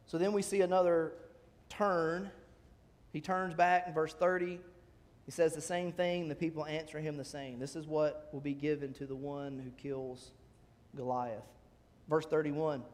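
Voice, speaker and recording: A male pastor preaching a sermon in a church sanctuary, talking conversationally and rising in pitch on emphatic questions. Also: steady tone, measured pace, a little mellow. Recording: long church hall reverb.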